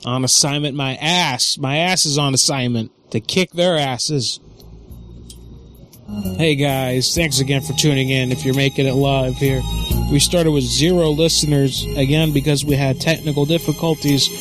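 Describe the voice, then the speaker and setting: A man's voice: medium pitch, fairly even intonation, normal speed, over music. A man hosting a prank call show, telling a long rambling story with crude language.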